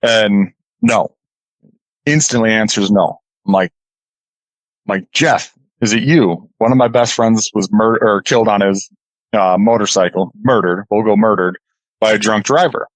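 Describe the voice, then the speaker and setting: A man telling a deeply personal story as a radio interview guest, earnest and halting, holding back tears. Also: steady tone, dry recording, poor audio. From California.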